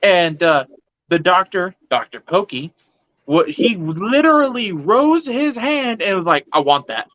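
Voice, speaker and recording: Man, fairly high voice, rambling profane comic storyteller acting out others' lines, dry lo-fi recording. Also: animated, a little slow, fairly bright tone, no echo. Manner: rambling, swearing, with many fillers; acts out the other people's lines. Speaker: storyteller at an open mic.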